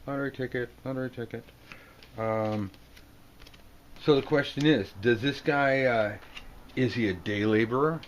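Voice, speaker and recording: A man giving a casual tarot video lesson, joking and acting out the people on the cards in quick silly voices. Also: medium pitch, slight background noise. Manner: playful, jokey, acts out card characters in quick silly voices. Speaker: tarot teacher.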